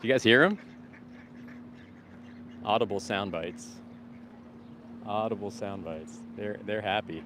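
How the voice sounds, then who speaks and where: A middle-aged man livestreaming outdoors as a street activist, talking casually and bluntly to his viewers, ranting and swearing freely and calling out loudly to passersby. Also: on the low side, a little slow, pauses often, noisy background. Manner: calls out to passersby in a loud upbeat voice.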